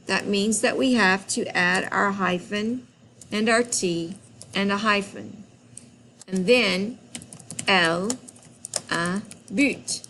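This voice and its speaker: Slow, patient woman teaching French. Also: medium pitch, a bit bright, slight background noise. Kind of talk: recorded classroom lesson.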